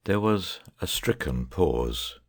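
A man narrating an audiobook chapter in a measured, even way. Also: sits low.

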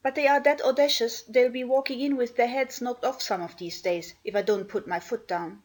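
A woman voicing a bossy older household servant, scolding and brisk. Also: a little high, pitched above the performer's own voice, natural voice, poor audio.

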